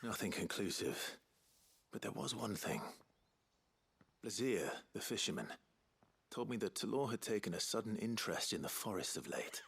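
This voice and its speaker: An actor playing a calm, steady hero in a video game, with a deep gravelly voice. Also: male voice, normal speed, pauses often, exaggerated voice. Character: gruff grown man, a sword-bearing hero. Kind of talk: game voice acting.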